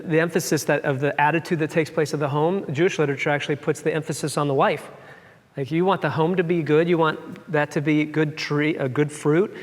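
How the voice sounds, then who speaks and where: High-voiced man musing over scripture. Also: long reverb tail. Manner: musing, thinks aloud with many restarts. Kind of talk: casual Bible discussion.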